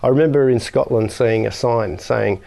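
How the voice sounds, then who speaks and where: Gravelly Australian man, dark tone. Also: medium pitch, normal speed. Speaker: interview guest. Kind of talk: casual chat.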